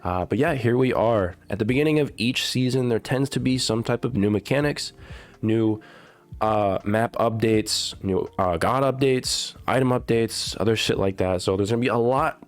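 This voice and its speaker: A man's voice: mid-range voice, normal speed. A man with a sick, stuffy voice giving a casual, rambling patch-notes commentary as a gaming YouTuber, full of fillers and swearing. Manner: rambling, filler-heavy and profane.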